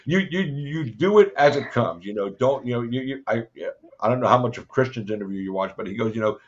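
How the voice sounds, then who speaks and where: A man's voice: mid-range voice, expressive, a little fast. A man hosting a casual interview, rambling with many fillers and frequent swearing. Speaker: podcast host. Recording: dull lo-fi audio.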